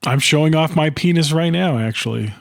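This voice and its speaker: Joking, halting male podcast co-host. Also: a little high, gravelly. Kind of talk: casual chat about a film.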